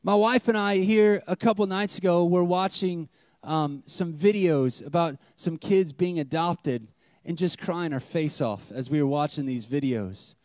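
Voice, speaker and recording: A young man preaching a sermon as pastor, animated, swinging between loud emphasis and hushed, intimate lines. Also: fairly high pitch, a little slow, dry recording, studio quality.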